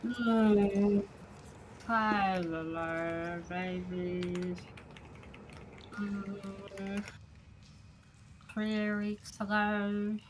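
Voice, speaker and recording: A woman's voice: mid-range voice, fairly even intonation, drawn-out words, long pauses, slight background noise, rough recording. A woman doing a rambling drunk tavern regular. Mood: gossipy. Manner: rambling, gossipy, folksy. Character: chatty drunk tavern man, loyal to his boss.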